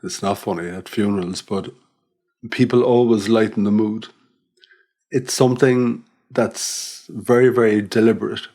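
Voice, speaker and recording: A man's voice: lowish voice, steady tone, unhurried, mellow. A man hosting a podcast interview, asking short questions and laughing easily. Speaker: podcast host. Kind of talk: casual interview chat.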